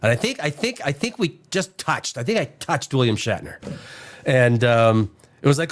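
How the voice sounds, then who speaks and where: A man's voice: medium pitch, big pitch swings, moderate pace. A middle-aged man hosting a casual talk show, rambling, restarting his sentences and swearing casually. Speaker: podcast host. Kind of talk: casual chat.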